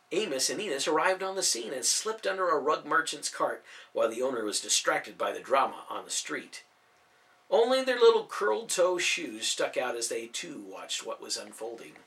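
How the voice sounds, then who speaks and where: A man narrating a storybook audiobook in an expressive, animated reading. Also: a little high, vocal fry.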